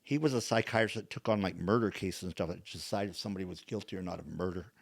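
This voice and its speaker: An older man hosting a podcast, telling stories in a casual, blunt way and acting out the dialogue with lively switches of voice. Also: sits low, quick pace, vocal fry, no echo. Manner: animated, acts out quoted dialogue; blunt, frank wording. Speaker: podcast host. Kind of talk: casual storytelling chat.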